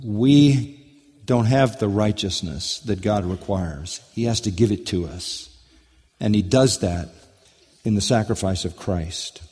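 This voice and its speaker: A man's voice: lowish voice, takes it slowly, darkish tone, breathy edge. A male pastor delivering an expository sermon. He preaches emphatically, repeats his key phrases and asks rhetorical questions. His voice carries a long reverb from a large church sanctuary.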